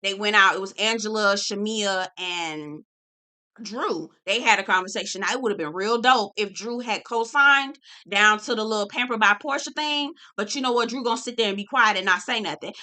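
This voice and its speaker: A woman giving a casual, profane reality TV recap, sassy and animated, calling everyone "girl". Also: mid-range voice, normal speed.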